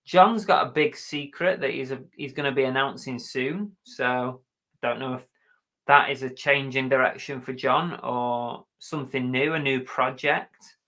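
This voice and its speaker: An English man hosts a relaxed live chat, reading out viewer comments with a jokey, chatty manner. His voice is bright and forceful. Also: mid-range voice, unhurried. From England. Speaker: livestream host.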